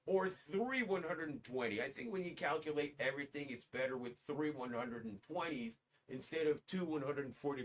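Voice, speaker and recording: A man's voice: on the high side, a bit bright, recorded from a distance. Rambling man livestreaming a PC build. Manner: rambling, talks to chat as guys. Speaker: livestream host. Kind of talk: casual livestream chat. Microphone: streaming setup.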